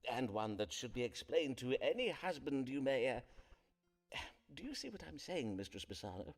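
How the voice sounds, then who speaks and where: A pompous Elizabethan astrologer from a period game, wordy and evasive, hedging with little fillers. His pitch rises and falls a lot, and his old-fashioned phrasing sounds formal and stiff. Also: sing-song, normal speed, faint music behind. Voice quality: archaic formal diction, hesitant fillers. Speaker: Elizabethan astrologer physician Foreman.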